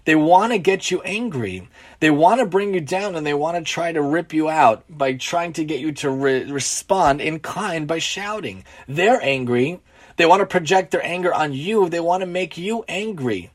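A man giving a moral lesson through a story, in a fairly high voice. He speaks earnestly and repeats his points for emphasis. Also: lively intonation, normal speed. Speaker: teacher of Musar lessons.

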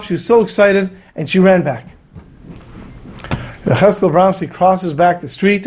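A man's voice: high-pitched, a little mellow, slight background noise. A man giving an earnest Torah lecture, telling stories and acting out the quotes. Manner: earnest, storytelling with acted quotes. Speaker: rabbi teaching a weekly Torah class.

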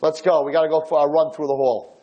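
A cheerful, jokey old man in a wheelchair, as a storyteller puts him on, brushing off praise with teasing. His voice is husky and close to the teller's own. He sounds upbeat and a little impatient to get moving. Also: a little high, flat delivery, quick pace, lo-fi sound, natural voice.

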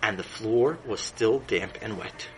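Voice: medium pitch, measured pace, low-quality recording. A playful storyteller narrating a children's story in a mid-range voice. Asides to the listener break into the tale, and faint background noise sits under the recording.

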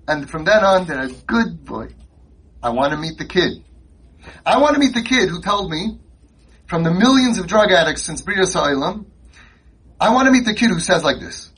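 A man's voice: high voice, expressive, moderate pace, pauses often, a bit bright, slightly rough, rough recording. A man giving an impassioned, rhetorical speech at a conference, repeating his lines for emphasis. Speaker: conference speaker. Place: conference hall.

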